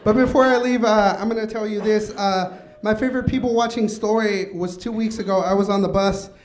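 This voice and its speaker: Male stand-up, very high pitch, dry wry punchlines. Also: fairly even intonation, slight background noise. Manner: brisk, wry punchline delivery. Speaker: stand-up comedian. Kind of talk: stand-up set.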